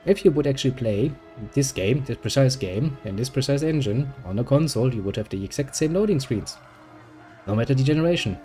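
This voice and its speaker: A man's voice: mid-range voice, animated, fairly quick, dark tone, soft background music. A man hosting a gaming video, chatting casually and joking as he plays, swearing freely. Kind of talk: casual gameplay commentary.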